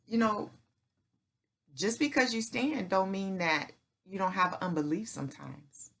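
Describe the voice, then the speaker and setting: Speaking a little slowly, this channel host has a medium-pitched, gravelly voice that's a bit bright. The middle-aged woman preaches motivation and faith emphatically in a folksy way, saying "y'all" and "ain't," repeating points and asking "right?" and "okay?"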